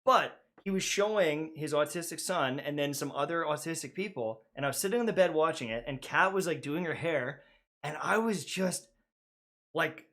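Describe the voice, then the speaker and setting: A man's voice: fairly high pitch, expressive, normal speed, fairly bright tone. A young man co-hosting a gaming podcast, telling rambling, self-mocking stories in casual chat. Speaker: podcast co-host.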